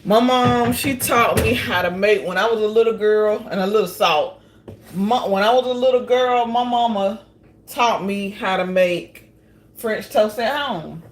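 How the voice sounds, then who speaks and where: Female vlogger, unhurried and chatty, talking to camera while cooking at home. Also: medium pitch. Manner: chatty, talks straight to viewers. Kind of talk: casual cooking vlog chat. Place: home kitchen.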